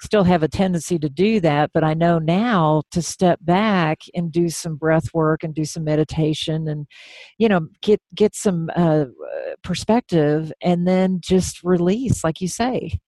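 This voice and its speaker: A woman's voice: lowish voice, a little slow, dry recording. Affirming woman radio host. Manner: warm, affirming, enthusiastic. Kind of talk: casual interview chat.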